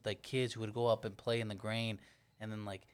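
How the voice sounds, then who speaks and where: A man in a casual group chat, telling a story in a relaxed, rambling, joking way. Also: lowish voice, fairly quick, smooth.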